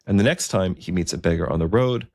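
A man narrating a historical story in a conversational, unhurried way with occasional fillers. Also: low-pitched, a little mellow, dry recording, studio quality.

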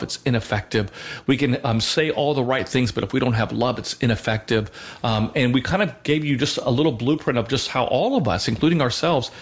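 A man, a father, co-hosting a Christian show, talking earnestly in a conversational way with frequent fillers and restarts. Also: medium pitch. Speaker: co-host of a Christian radio show. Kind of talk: conversational faith talk.

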